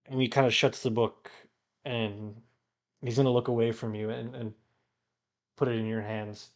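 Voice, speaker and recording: Gravelly-voiced man running a tabletop game. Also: mid-range voice, little pitch movement. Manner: unhurried, hesitant narration with frequent fillers. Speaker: game master. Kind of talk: narrating a tabletop game stream.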